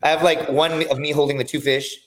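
A man's voice: fairly high pitch, level tone, fairly quick. A man talking as a podcast guest, telling long rambling stories with lots of swearing. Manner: rambling, profane storytelling. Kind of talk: casual chat.

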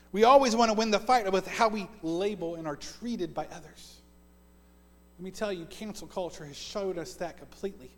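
A man in his forties preaching a sermon as pastor, earnest and often repeating words as he builds a point. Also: high-pitched. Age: 40s. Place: church sanctuary. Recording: long church reverb.

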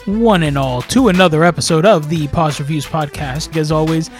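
A man hosting a podcast in casual chat, animated and quick to laugh. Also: on the high side, music in the background. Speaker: podcast host.

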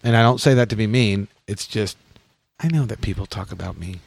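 A man's voice: on the low side, fairly quick, creaky, breathy edge. A man hosting a podcast outdoors, chatting bluntly with lots of swearing and jokes. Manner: blunt, profane, joking. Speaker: podcast host. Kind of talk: casual podcast chat.

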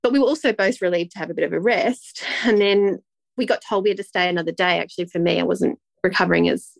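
A female guest with a fairly low, creaky voice speaks fast in a casual interview, recorded dry. She tells a personal story in a rambling, emotional way, restarting often.

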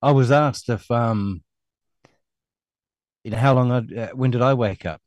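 A man's voice: medium pitch, unhurried, a little mellow, no room sound, clean studio sound. A middle-aged man with a New Zealand accent hosts an online show, ranting angrily and scornfully with a lot of swearing. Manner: angry, scornful, profane ranting. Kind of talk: ranting monologue.

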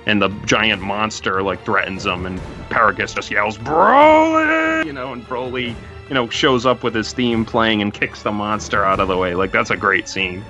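A man co-hosting a podcast, talking through a film in an animated, casual way with lots of filler words. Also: on the low side, normal speed, hardly any pauses, muffled recording, soft background music. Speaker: podcast co-host.

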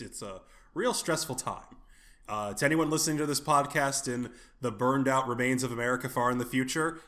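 A man's voice: mid-range voice, fairly bright tone. A man co-hosting a podcast, talking in a rambling, casual way, restarting his sentences and swearing offhandedly. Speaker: podcast co-host.

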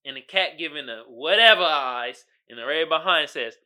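A male podcast host riffs casually with his listeners. His voice sits high and swings widely in pitch. The tone is bright and sharp. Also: moderate pace. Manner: animated, joking, talks to the audience as "y'all". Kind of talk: casual solo podcast chat.

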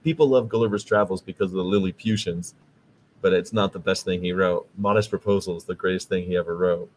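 A man's voice: sits low, steady tone, fast talker, darkish tone, a little hiss or hum, poor audio. An American man hosting a podcast, talking in a casual, rambling monologue that turns preachy. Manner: chatty, rambling, preachy about veganism. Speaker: vegan podcast host.

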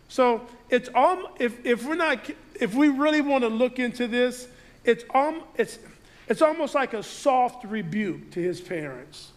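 Male pastor with a high voice, preaching and reading scripture, restarting his phrases often. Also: expressive, measured pace. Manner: reads scripture aloud and riffs on it, with many restarts. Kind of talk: sermon.

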